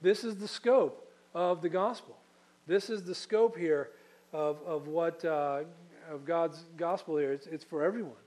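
A man's voice: a little high, unhurried, a little mellow, rough recording. A man preaching a sermon in a conversational, storytelling way, with frequent restarts and casual asides. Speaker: pastor.

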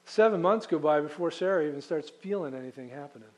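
A man's voice: fairly high pitch, expressive, fast. A man preaching a sermon as pastor, reading scripture and explaining it in a conversational, emphatic way, asking the congregation questions.

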